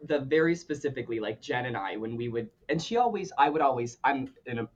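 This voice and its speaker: A man's voice: mid-range voice, animated, fast talker. A man guest on a podcast telling family stories in a chatty, filler-heavy, self-deprecating way. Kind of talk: casual storytelling. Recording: dull lo-fi sound.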